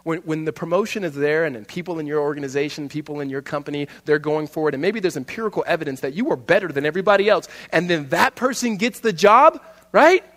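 A male pastor giving a conversational sermon, swinging between loud and hushed and laughing often. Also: fairly high pitch, lively intonation, fast talker, long reverb tail.

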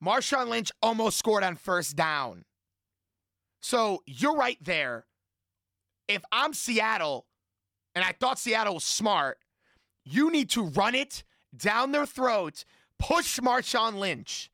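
Emphatic sports panelist, bright voice. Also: male voice, high-pitched, very animated, slow, pauses often, dry recording, clean studio sound. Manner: emphatic, repetitive, argumentative. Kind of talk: heated sports debate.

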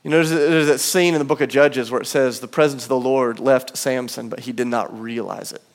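A man in his thirties preaching a sermon as pastor, earnest and emphatic, slowing down for weight and dropping to soft low asides. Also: steady tone. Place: church auditorium.

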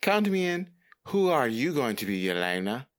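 A man's voice: mid-range voice, sing-song, moderate pace, no echo, studio quality, lightly acted. An actor playing an eager, crude male coworker who gossips in broken English. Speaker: comedy sketch character. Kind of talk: comedic sketch acting.

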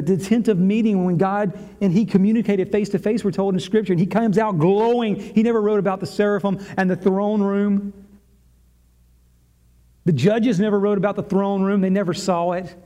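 A male pastor giving a sermon, retelling a scene dramatically with long pauses and repetition. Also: high-pitched, fairly even intonation, dark tone.

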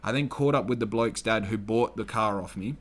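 Young australian man, fairly low voice, casual podcast storytelling, swears a lot. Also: brisk. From Western Australia. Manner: swears freely, acts out quoted people, gets loud when excited. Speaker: podcast host.

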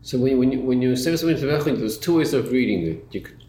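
A man's voice: medium pitch, lively intonation, fast, mellow. A man teaching a Torah class, asking rhetorical questions and repeating words as he works through a point. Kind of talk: Talmudic-style class lecture. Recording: roomy recording with faint hum.

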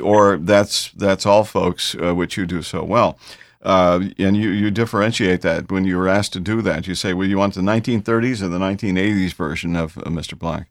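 A man's voice: lowish voice, no echo, studio quality. A man hosting a podcast, genial and chatty, often stumbling over his words. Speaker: podcast host. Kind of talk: casual podcast interview.

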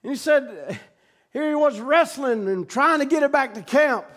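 A man preaching a sermon, telling a story that builds into shouted preaching. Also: extremely high pitch, lively intonation, moderate pace.

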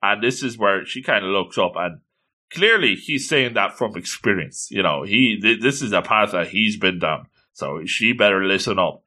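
A man's voice: lowish voice, expressive, moderate pace, bright, forceful tone. A man casually retelling a comic chapter with enthusiasm, often exclaiming in delight. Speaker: manga reviewer.

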